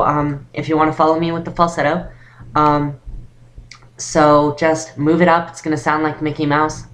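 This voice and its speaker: A young woman casually explaining a beginner voice lesson in a rambling way, full of "um" and "actually". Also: low-pitched. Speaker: voice training vlogger.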